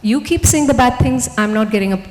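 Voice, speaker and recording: A middle-aged woman with an Indian accent speaks softly and gently to a room, slipping into little acted-out exchanges. Her voice sits a touch high. A long reverb trails her in a big event hall. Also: fairly quick. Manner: soft-spoken, gentle, acts out dialogue with lively pitch jumps. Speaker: speaker at a women's forum session. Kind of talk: motivational talk with audience questions.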